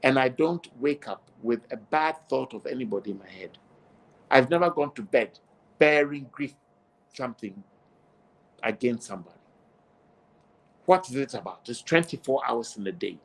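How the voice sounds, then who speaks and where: A man with a gravelly, mid-pitched voice talks as an interview guest. He speaks emphatically, preaching and repeating his points. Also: expressive, normal speed, long pauses, low-quality recording. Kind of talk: passionate monologue in an interview.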